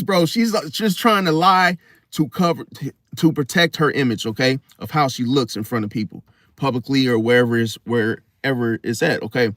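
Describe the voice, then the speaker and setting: This astrology commentator is a young man speaking at a moderate pace in a mid-range, fairly bright voice, recorded dry in studio quality. He is emphatic and profane, says "see?" again and again, and often breaks off to restart.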